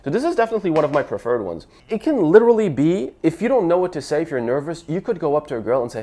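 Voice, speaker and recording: A man's voice: fairly high pitch, very animated, rapid-fire, hardly any pauses, dark tone. A young man, a dating coach, talking casually to camera and acting out sample lines, with frequent stammers and restarts. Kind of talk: casual advice talk to camera.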